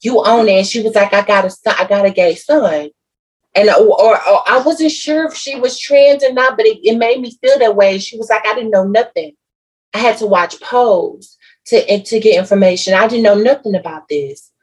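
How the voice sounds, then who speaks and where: A woman co-hosting a podcast, telling a personal story in casual chat with a lively, emotional, slangy manner. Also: mid-range voice, moderate pace, breathy edge, poor audio. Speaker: podcast co-host.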